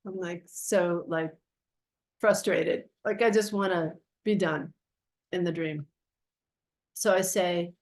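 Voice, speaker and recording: A woman's voice: on the low side, fairly even intonation, slow pace, long pauses. A woman telling the story of a personal dream in an earnest, reflective way, often correcting herself as she goes. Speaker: guest.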